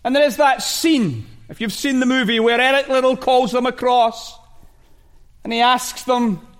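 A middle-aged man from Scotland praying and preaching a sermon in a measured, earnest way. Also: very high voice, fairly even intonation. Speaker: pastor. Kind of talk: sermon with prayer.

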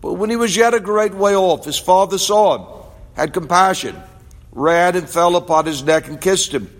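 A man preaching a sermon and reading scripture, with a measured, emphatic delivery. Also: sits high. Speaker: pastor. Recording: long reverb of a large hall.

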